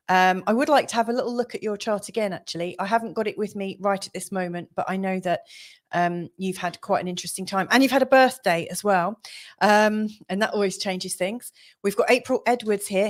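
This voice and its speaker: A woman's voice: medium pitch, fairly quick. A middle-aged woman hosting a live astrology show, chatting casually with many ums and apologies. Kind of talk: casual livestream chat.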